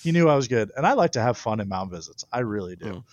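A man's voice: fairly low pitch, fast, no echo, highs cut off. Laughing man telling stories. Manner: animated storyteller, laughs often. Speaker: guest pitcher. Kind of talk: casual podcast chat.

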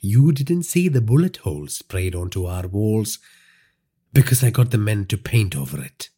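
A man's voice: on the low side, very animated, normal speed, warm tone, breathy edge. A man reading a crime audio story and voicing a stern middle-aged pastor who speaks in an emphatic, preaching way.

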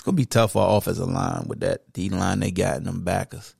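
Man, gravelly voice, animated slangy football host, casual chat, dry close sound. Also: low voice, a little fast, no echo. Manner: animated, slangy, coaching-style trash talk. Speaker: sports podcast host.

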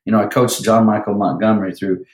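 A man's voice: lowish voice, flat delivery, fast talker, reverberant, rough recording. A man who works as a vocal coach, talking animatedly in a podcast interview and breaking into sung lines now and then.

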